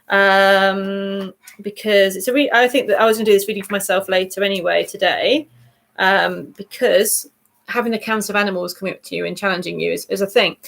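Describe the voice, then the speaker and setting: A woman hosts her weekly tarot reading video in a relaxed, chatty way. She sounds bubbly and laughs often. She backtracks and corrects herself as she talks. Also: mid-range voice. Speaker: tarot reader.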